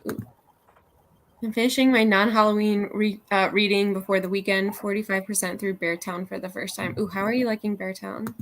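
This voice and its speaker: Woman hosting a reading stream, bright voice, chatty and laughy, video call mic. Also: mid-range voice, steady tone, fairly quick. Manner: chatty, laughs often, reads comments aloud. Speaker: livestream host. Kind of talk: casual chat on a reading livestream.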